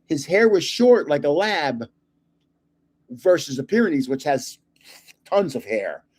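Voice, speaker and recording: An older man hosts his own stream in loose, casual chat. His voice sits a little high for a man. He wanders through stories with fillers and pauses. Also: very animated, darkish tone. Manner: rambling storyteller with fillers. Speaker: host of a card channel.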